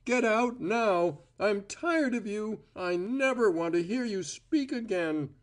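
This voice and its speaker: A male audiobook reader performs a scornful young woman, sharp and contemptuous. Her voice rides well above a man's usual pitch and swings widely. It turns shrill and screaming. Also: lively intonation, slow pace. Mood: hysterical rage. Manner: scornful and bitter. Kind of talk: audiobook character voice.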